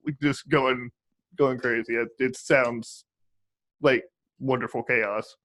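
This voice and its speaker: A man hosting a casual interview, teasing his guest with wry remarks and halting restarts. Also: mid-range voice, steady tone, a bit bright. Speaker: podcast host.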